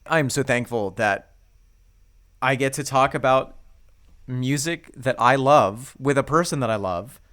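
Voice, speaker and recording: A man's voice: medium pitch, measured pace, fairly bright tone. A man co-hosting a music podcast, reading a listener review in an enthusiastic, jokey casual chat. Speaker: podcast co-host.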